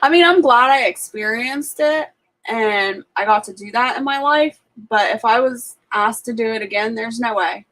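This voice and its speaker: A woman's voice: fairly high pitch, moderate pace, a bit bright, rough recording. A woman hosting a live cooking stream from her kitchen, chatting casually with viewers, telling stories with plenty of fillers and frequent laughter. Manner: chatty storyteller, laughs often, filler-heavy. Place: home kitchen.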